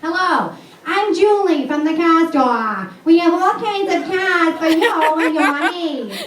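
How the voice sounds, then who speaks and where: A woman voicing a chirpy woman car dealer in a local TV ad, with a nasal, upbeat sales pitch. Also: animated, slow, echoey room, distant mic, over a noisy crowd, exaggerated voice. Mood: peppy.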